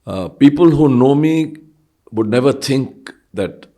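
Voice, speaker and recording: A man, speaking as an interview guest in a thoughtful, hesitant way with many pauses and fillers. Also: mid-range voice, lively intonation, dark tone. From India. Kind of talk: reflective interview conversation.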